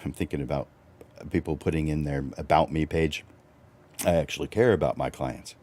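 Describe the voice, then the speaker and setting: Deep-voiced, animated middle-aged man coaching. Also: normal speed. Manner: animated, chuckling, swings up for emphasis. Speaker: host and photographer. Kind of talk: livestreamed business coaching talk.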